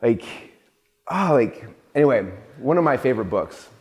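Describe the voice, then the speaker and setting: A man in casual conversation, telling stories with many fillers and restarts, jumping into a high voice to act out his own panic. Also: moderate pace. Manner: animated storytelling, acts out his own panic in a raised voice. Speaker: host and entrepreneur.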